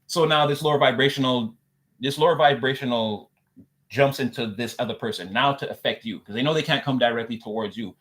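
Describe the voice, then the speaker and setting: A man's voice: medium pitch, a little fast, a bit bright. Rambling man giving a spiritual message. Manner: rambling, repeats "again" often. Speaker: spiritual reader.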